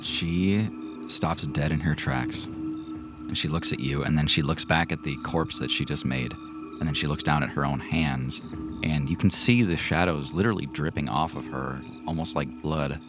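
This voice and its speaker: Deep-voiced man narrating a game. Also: moderate pace. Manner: calm descriptive narration. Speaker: game master. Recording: music bed behind.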